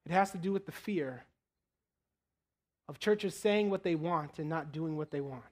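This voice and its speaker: A man preaching in a church, telling his story with animated swings from loud to low and quiet prayer. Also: normal speed, long pauses. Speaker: guest preacher. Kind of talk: sermon testimony. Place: church sanctuary.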